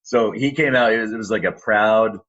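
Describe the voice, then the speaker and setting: Brisk and lively, an announcer and voice actor appearing as a podcast guest spins stories in a very low, deep voice. He acts out quotations throughout this casual storytelling interview, captured on slightly dull, lo-fi audio.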